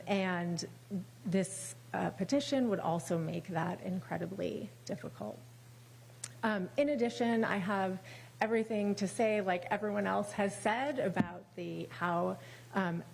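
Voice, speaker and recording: A woman's voice: lowish voice, vocal fry, darkish tone, a little hiss or hum. A woman parent speaking at a public hearing, hesitant and full of fillers. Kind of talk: public comment. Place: high school meeting hall.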